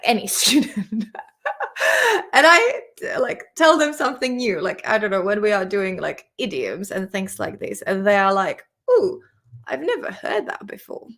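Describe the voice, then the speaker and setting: A woman giving a casual live-streamed vocabulary lesson, laughing often and chatting freely. She speaks at an unhurried pace in a slightly high voice. She keeps an easygoing, talkative manner throughout. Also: a bit bright. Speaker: English teacher. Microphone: desk camera mic on a makeshift stand.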